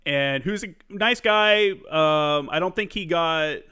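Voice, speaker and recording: A man's voice: a little high, takes it slowly, sharp tone, clean tone. A man hosting a podcast, a former Marine sergeant, chatting candidly and swearing casually. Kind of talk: casual chat.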